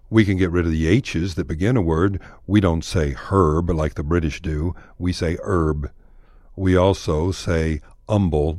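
A man's voice: low voice, darkish tone, no room sound, studio quality. A man with a Texan accent telling folksy, wry stories as the host of a radio segment. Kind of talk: scripted radio narration.

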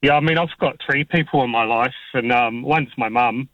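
A man, calling in to talkback radio, speaking in a halting, hesitant way. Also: mid-range voice, dry recording. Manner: halting, hesitant, searching for words. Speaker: caller. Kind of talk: talkback call-in chat. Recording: dull phone line.

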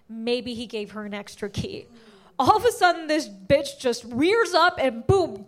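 High-voiced woman doing stand-up. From India. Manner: animated storytelling, rising into exclaimed punchlines. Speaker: stand-up comedian. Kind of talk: stand-up comedy set. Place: comedy club stage. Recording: noisy club recording.

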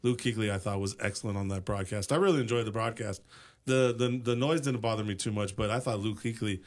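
A man's voice: fairly low pitch, fast talker. A man co-hosts a casual sports talk show. His delivery is easygoing and agreeable. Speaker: radio co-host.

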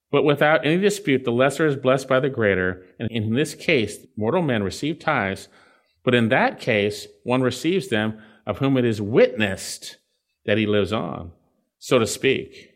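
A male pastor gives an expository sermon, reading scripture out loud and explaining it, moving between emphatic peaks and quiet asides.

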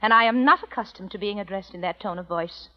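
An actress playing a proud widow and ranch owner in a 1940s radio drama, firm and dignified. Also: female voice, medium pitch, fast talker, close to an everyday voice. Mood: cold. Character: proud young widow who owns a ranch. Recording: dull old radio recording with reverb.

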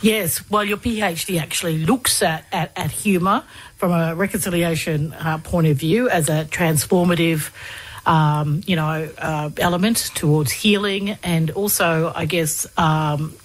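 A woman with a lowish, husky voice conducts a friendly interview. She eases into her questions, restarting and stumbling a little as she prompts her guest. Her style stays conversational throughout. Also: steady tone, unhurried. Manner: warm prompting, hesitant restarts.

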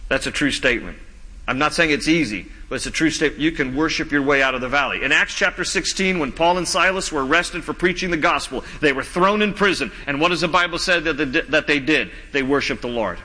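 Bright-voiced man preaching in an echoing hall. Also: fairly high pitch. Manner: earnest preaching, slowing down to read scripture. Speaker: pastor. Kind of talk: sermon. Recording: long reverb of a large hall.

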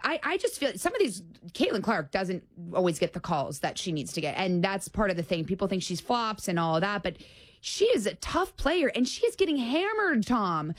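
A woman chatting as a guest, her voice swooping up and down with lots of melody. She sounds animated and playful, quick to laugh and jump between thoughts. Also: medium pitch. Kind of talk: casual chat.

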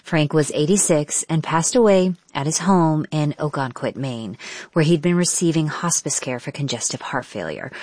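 Woman, news anchor, low voice, dry studio. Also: no room sound. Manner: calm, reassuring interviewer. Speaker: news host.

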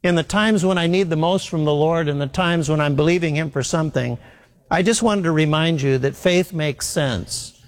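Male preacher, fairly high voice, earnest sermon delivery, long hall reverb. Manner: earnest, emphatic, repeats key points slowly.

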